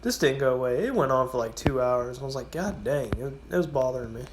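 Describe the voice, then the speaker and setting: A man's voice: medium pitch, fast talker, noisy background. A man who works at a gas station casually tells rambling work stories, swearing freely and acting out his customers. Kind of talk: casual storytelling vlog.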